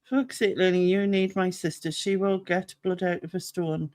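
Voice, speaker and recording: A woman's voice: lowish voice, fairly even intonation, moderate pace, darkish tone, no echo. Casual, slangy woman on a dry video call. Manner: chatty, laughs, uses casual British slang. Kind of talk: casual group chat on a livestream.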